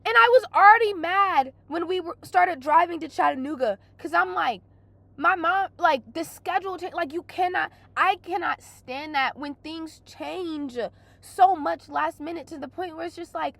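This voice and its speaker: Exasperated young woman ranting, gravelly. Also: very high-pitched, normal speed, sharp tone, dry recording. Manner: venting, exasperated, swears a lot. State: hoarse from crying. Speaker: vlogger. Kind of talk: casual storytelling rant.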